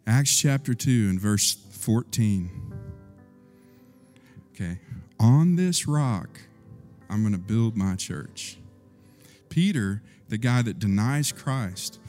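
A man preaching a sermon, telling a story and acting out voices, rising in pitch and force when stirred. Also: expressive, slow pace, long pauses, a little mellow, soft background music. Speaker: pastor. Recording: long reverb of a large hall.

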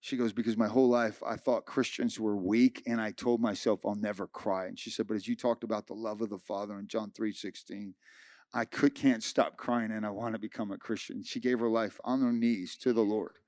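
Man preaching animated testimony, dry sound. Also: lowish voice, a little fast, no echo. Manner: animated storytelling, acting out dialogue. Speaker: pastor. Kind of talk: sermon testimony.

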